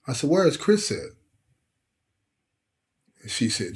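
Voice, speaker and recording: A man's voice: medium pitch, sing-song, a little slow, pauses often, a little mellow. A middle-aged man, telling a personal story with intensity and acting out the voices of the people in it. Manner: emotional, intense, acts out quoted voices. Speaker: host telling his life story.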